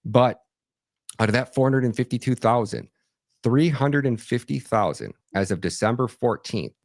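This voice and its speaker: A man with a fairly low voice explains a process step by step in a conversational interview. He speaks earnestly and often restarts mid-sentence, tagging points with "right?". The sound is dry and close, with little room echo. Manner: earnest, animated storytelling with frequent restarts and "right?" tags. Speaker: podcast guest, documentary filmmaker.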